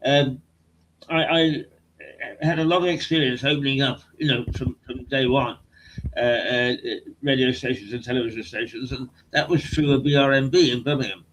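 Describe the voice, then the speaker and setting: Older man, midlands-born host, mid-pitched voice, halting anecdotes. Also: steady tone, a bit bright, slight background noise, rough recording. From English Midlands. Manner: hesitant, rambling storyteller. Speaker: host and veteran broadcaster. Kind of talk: conversational interview. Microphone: video call.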